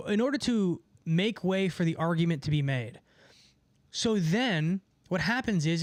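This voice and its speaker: A man's voice: high-pitched, dry recording. A man hosting a live call-in stream, talking casually and rambling with many fillers and restarts while reading chat comments. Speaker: host of a live call-in show.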